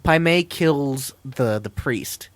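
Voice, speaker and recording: Rambling, excitable man on a dry mic. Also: medium pitch, slow pace, dry recording. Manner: rambling, excitable, crude, laughs often. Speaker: podcast co-host. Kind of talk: casual chat.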